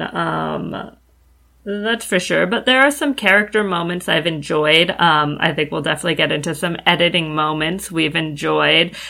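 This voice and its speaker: Woman, podcast co-host, wry, deadpan jokes, gravelly, bright tone. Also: lowish voice. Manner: wry, dry humor, thinking aloud with fillers. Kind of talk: casual podcast chat.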